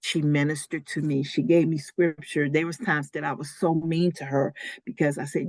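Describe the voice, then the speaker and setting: A woman's voice: low-pitched, moderate pace, darkish tone, husky, no echo. Woman on a faith podcast telling her own story, emotional, plays out the quotes, dry close sound. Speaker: interview guest. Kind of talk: personal testimony in a faith podcast interview.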